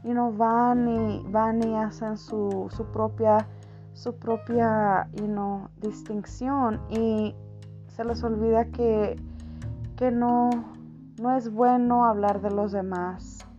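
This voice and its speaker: A woman's voice: a little high, fairly even intonation, takes it slowly, warm tone. A woman in a casual, rambling monologue, talking earnestly with many restarts and filler phrases. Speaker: speaker sharing life advice. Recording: dull lo-fi audio with faint guitar music.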